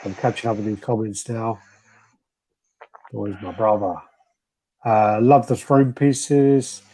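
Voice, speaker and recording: A man's voice: on the low side, fairly even intonation, takes it slowly, mellow, husky. A man hosting a casual live stream, reading out viewer comments with a laid-back, swearing manner. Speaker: host.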